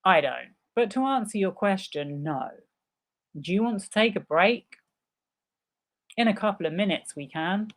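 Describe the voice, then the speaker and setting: Live-streaming, a woman dramatically reads a legal deposition, voicing both the questions and the answers herself and interjecting sarcastic asides. Her medium-pitched voice is expressive and a little slow, with long pauses.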